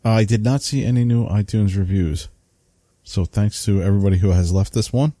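A man's voice: on the low side, brisk, mellow, dry recording, studio quality. A man co-hosting a casual hobby podcast, laid-back and chatty, often tossing in "man". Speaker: podcast co-host. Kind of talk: casual chat.

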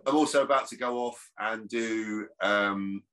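A man's voice: fairly low pitch, unhurried, a bit bright. A man, an actor chatting as a podcast guest, rambling with restarts. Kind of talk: casual podcast chat.

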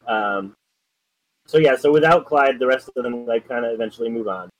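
A man's voice: mid-range voice, moderate pace, a bit bright, no echo, poor audio. A man co-hosting a podcast, casually retelling a story in a rambling way, full of ums and likes. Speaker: podcast co-host.

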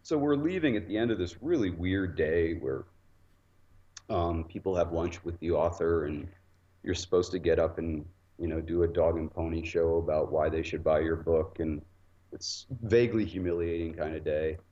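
A man telling an animated anecdote in casual conversation, acting out quotes as he goes. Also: low voice, normal speed, muffled recording. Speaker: guest author. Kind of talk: casual storytelling.

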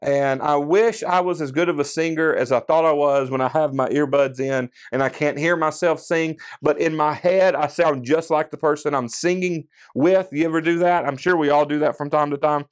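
Male preacher, slightly high voice, casual conversational sermon, lots of check-ins. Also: fairly even intonation, normal speed, few pauses, smooth. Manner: conversational, enthusiastic Bible teaching with frequent "okay?" check-ins.

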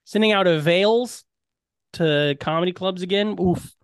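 A man's voice: high voice, a little slow, smooth, dry recording. Man podcast co-host, rambling, swearing, jokey, dry close sound. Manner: rambling, profane, jokey storyteller. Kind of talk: casual chat.

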